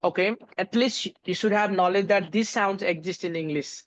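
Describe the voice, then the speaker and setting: A man from Nepal with a Nepali accent teaches English pronunciation in a live online class, repeating each sound several times and using lots of fillers. His voice is high and his speed normal, over dull lo-fi audio.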